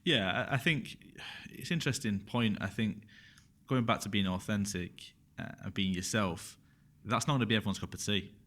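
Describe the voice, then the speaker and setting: Frank, low-voiced male podcast guest. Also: normal speed. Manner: frank, animated, repeats phrases for emphasis. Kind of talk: casual conversational interview.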